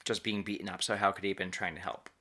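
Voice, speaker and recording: A man hosting a podcast, recounting a true story in casual talk, pausing and stretching words for emphasis. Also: deep voice, little pitch movement, bright, forceful tone. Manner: halting, restarts and stretched emphasis on key words.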